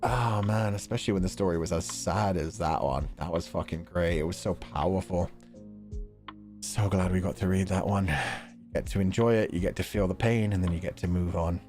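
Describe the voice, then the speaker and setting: A young man streaming casually, chatting with viewers in an animated way, laughing often and swearing casually. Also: deep voice, a little fast. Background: faint background music.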